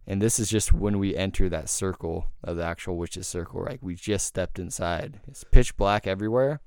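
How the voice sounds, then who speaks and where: A young man casually telling a rambling ghost story among friends, swearing a lot and dropping to a hush at the eerie parts. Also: low-pitched, moderate pace, smooth, dry recording, clean studio sound. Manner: rambling, heavy swearing, hushed when telling the eerie part.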